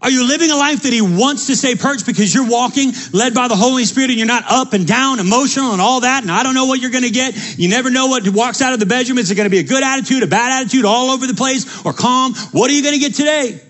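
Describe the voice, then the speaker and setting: A young adult man preaching a sermon as pastor, animated, repeating his phrases and stumbling over restarts. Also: extremely high pitch, quick pace, few pauses.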